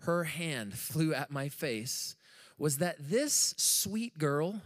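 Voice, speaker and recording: An American man preaching a sermon to a live congregation, telling stories in an animated, joking way. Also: a little high, drawn-out words, big-room sound. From United States. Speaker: pastor. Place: church room with audience.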